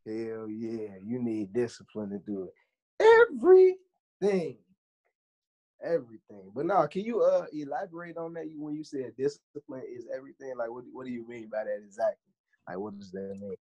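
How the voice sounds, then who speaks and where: A young man with a mid-pitched voice hosts a podcast with hype energy and a joking, slangy style. His talk is casual and quick to tease. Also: steady tone, mellow. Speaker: podcast host.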